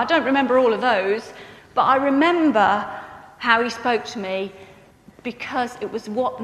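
A woman preaching a sermon, earnest and reflective, then lively and expressive as she tells a story. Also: a little high. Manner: earnest, turns animated and expressive when telling a story. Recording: echoey hall with long reverb.

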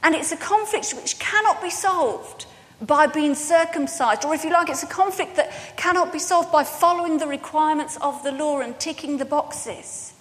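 A woman preacher giving a sermon, telling stories in a lively way and acting out the dialogue. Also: high voice, normal speed. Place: church. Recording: long church reverb.

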